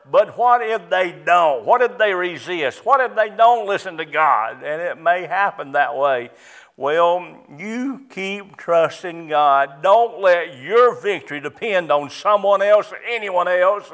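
A man's voice: sits high, expressive, slow, fairly bright tone. A middle-aged man preaching a sermon as pastor, emphatic and repetitive, stressing key words.

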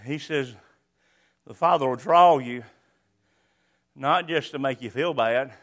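An older man preaching a sermon, emphatic and repetitive, swinging between loud declarations and hushed lines. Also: a little high, expressive, unhurried, pauses often.

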